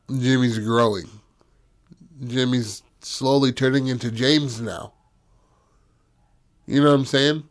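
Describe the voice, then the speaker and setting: A man's voice: mid-range voice, vocal fry. Man discussing a story in slangy chat. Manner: slang-heavy, emphatic, slows down to stress a point. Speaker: podcast co-host. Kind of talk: casual discussion.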